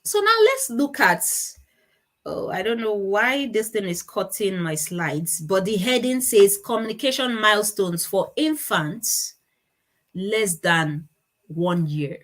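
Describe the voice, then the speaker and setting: Woman, conference lecture with slides, explanatory, corrects herself, mid-pitched voice. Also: animated, slow, a bit bright. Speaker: conference speaker on child speech disorders.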